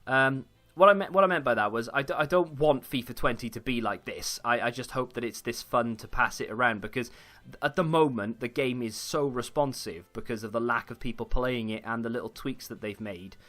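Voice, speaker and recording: A man's voice: mid-range voice, a little fast, a bit bright, soft background music. A young man chatting casually while commentating his own football video game, rambling with frequent fillers and restarts. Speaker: gaming YouTuber.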